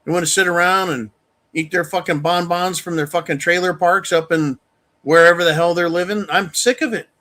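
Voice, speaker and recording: Male host, fairly high-pitched, delivering a heated, expletive-laden opinion monologue. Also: steady tone, fairly quick, bright, forceful tone. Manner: angry, profane ranting. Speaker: show host.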